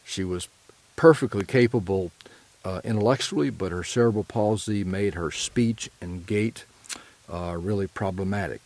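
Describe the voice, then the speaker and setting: A man delivering a prepared lecture in an earnest, measured way, now and then correcting himself mid-phrase. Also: low-pitched, darkish tone. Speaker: presenter.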